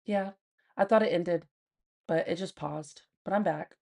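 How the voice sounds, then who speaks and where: A woman with a gravelly, somewhat low voice hosts a casual livestream from home. She talks to her viewers bluntly and with plenty of swearing. She laughs often between remarks. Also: unhurried, darkish tone. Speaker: livestream host.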